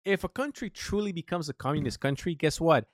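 A man's voice: fairly high pitch, a little fast, no room sound, clean studio sound. A man from the United States hosting a podcast, ranting in casual talk, swearing and restarting often. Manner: animated ranting, swears a lot, many restarts. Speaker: podcast host.

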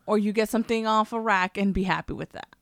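A podcast co-host chatting casually with lively, teasing banter. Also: medium pitch, quick pace, creaky, no room sound, studio quality. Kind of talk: casual chat.

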